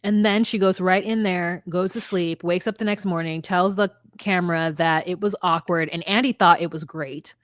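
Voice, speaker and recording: A woman's voice: fairly low pitch, fairly even intonation, moderate pace, few pauses, dry recording, studio quality. A woman co-hosting a podcast, retelling show scenes in casual chat, acting out the people in them. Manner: storytelling, acts out voices, crude jokes. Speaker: podcast co-host.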